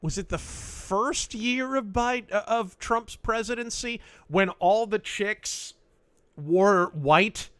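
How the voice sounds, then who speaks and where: Male stream host doing live reaction, sarcastic, high bright voice, close and dry. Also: takes it slowly, clear, resonant tone, no room sound. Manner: sarcastic, mocking asides.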